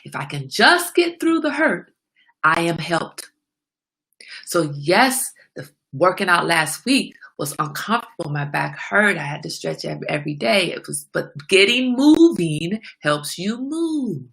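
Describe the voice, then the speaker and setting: Middle-aged female host, candid and preachy monologue, bright tone with some fry. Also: lowish voice, unhurried. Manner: candid, preachy, animated self-talk. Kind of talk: casual motivational monologue.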